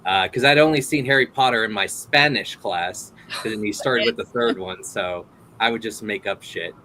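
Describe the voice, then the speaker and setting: A man's voice: fairly low pitch, moderate pace, sharp tone, a little hiss or hum, low-quality recording. A man hosting a casual interview, telling rambling stories full of fillers and laughs. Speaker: host.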